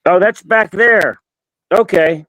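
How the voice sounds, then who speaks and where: A man's voice: sits high, slow pace, fairly bright tone, no echo, low-quality recording. A man chatting casually on a livestream, sarcastic and given to stammering restarts.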